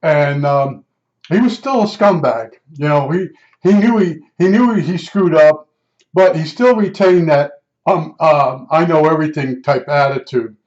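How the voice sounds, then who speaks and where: An older man telling a rambling personal story in a spoken monologue, halting often and restarting his sentences. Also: a little high, a little mellow. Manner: meandering, halting, with many restarts and fillers. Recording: dull lo-fi recording.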